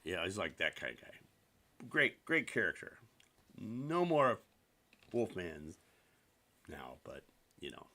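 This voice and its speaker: Chatty man with a low, lively voice. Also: slow pace, long pauses. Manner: rambling, self-deprecating, chatty with viewers. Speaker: livestream host. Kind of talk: casual live-stream chat.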